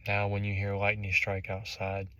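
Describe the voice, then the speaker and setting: A man's voice: lowish voice, normal speed, muffled recording. A man telling a motivational story in the second person and acting out the scenes with animation. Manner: animated, acts out scenes vividly. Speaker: motivational speaker.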